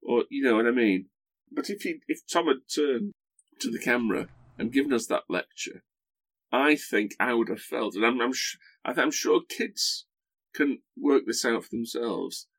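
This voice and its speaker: Animated man chatting with many restarts. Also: mid-range voice, moderate pace. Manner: animated, full of restarts and self-corrections. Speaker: guest podcaster. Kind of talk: casual chat.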